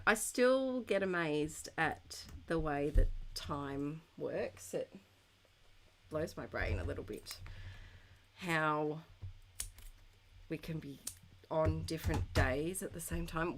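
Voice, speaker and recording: A woman's voice: deep voice, takes it slowly, a little hiss or hum. A woman live-streaming scrapbooking from home, chatting casually with viewers, giggly and thinking aloud with lots of ums. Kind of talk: casual chat while crafting, reading viewer comments.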